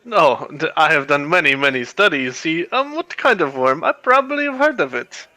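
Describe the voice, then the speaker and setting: Lively, bright-voiced male player haggling. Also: a little high, dry recording, low-quality recording. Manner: haggling, halting, with restarts. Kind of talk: in-character tabletop role-play.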